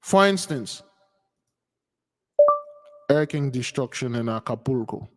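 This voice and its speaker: Over music, a man with a medium-pitched voice speaks animatedly and without hurry, with long reverb on the recording. A spiritual teacher hosting his channel, he rambles casually in a livestream and often asks his audience questions.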